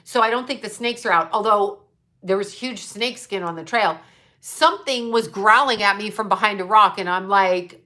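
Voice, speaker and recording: Middle-aged woman, bright voice, loose rambling talker, frequent laughs and swearing. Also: mid-range voice, normal speed. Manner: chatty, digressive, laughs often, swears. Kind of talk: casual rambling chat.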